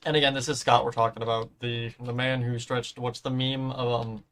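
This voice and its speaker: A man's voice: mid-range voice, flat delivery, fairly quick, fairly bright tone. A man chatting casually on a live stream while building in a game, rambling, humming to himself and swearing offhand, his voice giving out.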